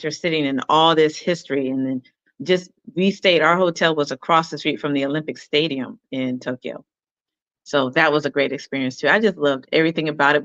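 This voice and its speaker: A woman's voice: sits low, fairly bright tone, no room sound, dull audio. A woman guest on a talk show, chatting casually and telling anecdotes over a video call. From Arizona. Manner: chatty storyteller, quotes people in her anecdotes. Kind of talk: casual interview chat.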